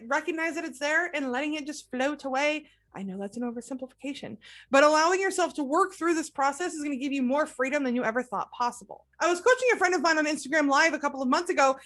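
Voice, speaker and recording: A woman hosting a podcast, speaking as a recovery coach in a gentle, reflective monologue and asking questions for the listener to consider. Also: sits high.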